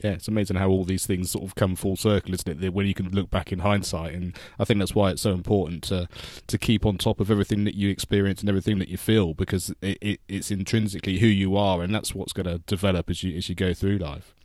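A man's voice: deep voice, little pitch movement, quick pace, darkish tone, no echo, studio quality. A man hosting a podcast interview, reflecting thoughtfully and asking questions. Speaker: podcast host. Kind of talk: interview conversation.

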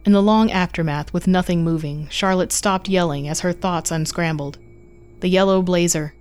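Female narrator, lowish pitch, measured storytelling read for horror fiction, soft music bed. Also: smooth.

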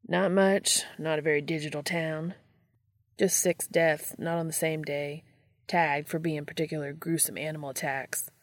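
A woman's voice: sits low, steady tone, normal speed, no echo, clean studio sound. A woman reading the part of an easygoing male hunter contact, in a breezy, offhand way.

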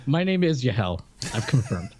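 A man co-hosting a podcast in casual chat, with dry, deadpan humor. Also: mid-range voice, moderate pace. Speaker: podcast co-host.

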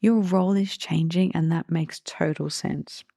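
A woman parenting coach giving calm, reassuring podcast advice and acting out example phrases for parents. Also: deep voice, unhurried, vocal fry, no echo, studio quality.

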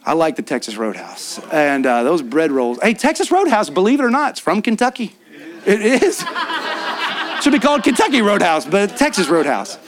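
High-voiced man preaching a story. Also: moderate pace. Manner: animated, acts out friends' lines. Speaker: guest preacher. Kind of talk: storytelling sermon. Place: church in front of a congregation.

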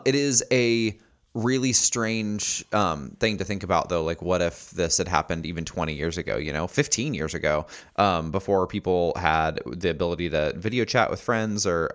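A man's voice: low-pitched, normal speed, a bit bright. A man co-hosting a podcast, chatting casually and telling anecdotes full of ums, acting out the people in his stories. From Los Angeles area resident. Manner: rambling with many ums, acts out voices in his stories. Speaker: podcast co-host. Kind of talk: casual chat, storytelling.

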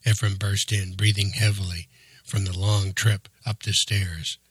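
A man narrating an audiobook in a steady, even storytelling manner. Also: on the low side, measured pace, husky, no room sound.

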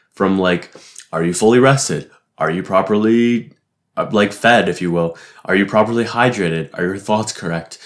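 A young man talking through his week in a casual, rambling way, swearing often, laughing to himself and filling gaps with "like". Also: lowish voice. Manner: profane, rambling, frequent "like" fillers, laughs to himself. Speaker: barista reflecting on his week. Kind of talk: casual solo reflection.

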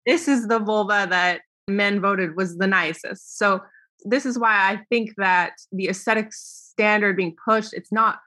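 A woman's voice: medium pitch, fairly even intonation, measured pace, pushed and bright. A young woman talking as a podcast guest in a chatty, casual way, laughing often and acting out what other people said. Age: young adult. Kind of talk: casual interview talk.

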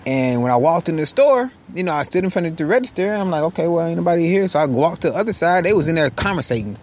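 A man hosting a podcast, telling a frank, profane story in a casual, animated way from inside a car. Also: fairly high pitch, fast talker. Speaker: podcast host.

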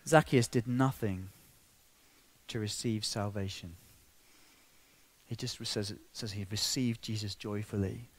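A man preaching a sermon, building to emotional peaks then dropping to a hush. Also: fairly low pitch, steady tone, a little slow, long pauses. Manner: impassioned, swinging between soft and loud.

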